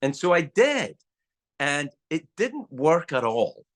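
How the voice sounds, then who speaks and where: A man's voice: on the high side, takes it slowly. A man in his sixties, a guest telling stories in a casual podcast chat and acting out the voices of people in them. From Scotland. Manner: animated storyteller, acts out voices.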